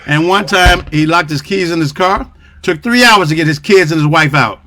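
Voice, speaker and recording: A man hosting an interview, trading jokes with quick punchlines in a casual chat. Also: fairly high pitch, sharp tone. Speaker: host. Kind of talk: casual joke telling.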